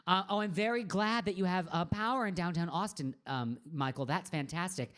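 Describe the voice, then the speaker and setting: A woman's voice: fairly low pitch, fairly quick, a bit bright. A middle-aged woman, a singer hosting her own live stream, chatting in a bubbly, campy way and greeting viewers by name from a room at home. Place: home room with a green screen.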